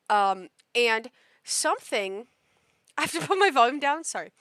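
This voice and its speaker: A woman's voice: sits high, sing-song, unhurried, pushed and bright, no echo, studio quality. A young adult woman live streaming a game, chatting casually and telling a rambling story full of "like" fillers into a desk mic. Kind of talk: casual stream chat while gaming.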